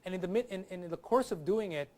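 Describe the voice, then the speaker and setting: A man's voice: high-pitched, fast talker. Man doing a comedy bit. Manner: lively, does accent impressions. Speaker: comedian guest. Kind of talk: stand-up comedy bit on a talk show.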